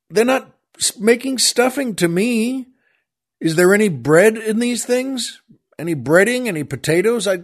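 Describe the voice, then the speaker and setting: A middle-aged male host on a casual comedic monologue, his voice sitting a touch high for a man. He rants in an exasperated, jokey way, swinging between soft asides and loud complaints. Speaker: show host.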